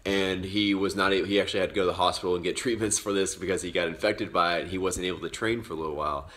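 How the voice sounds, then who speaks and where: A man's voice: low-pitched, fairly even intonation, rapid-fire, fairly bright tone. A man in his twenties giving an earnest motivational vlog talk, rambling with many restarts. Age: 20s. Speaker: vlogger.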